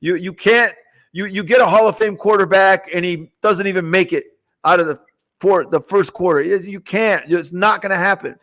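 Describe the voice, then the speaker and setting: An older man co-hosting a sports podcast, musing and handing out advice in a drawn-out way. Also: high voice, fairly bright tone. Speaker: podcast co-host. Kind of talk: casual sports banter.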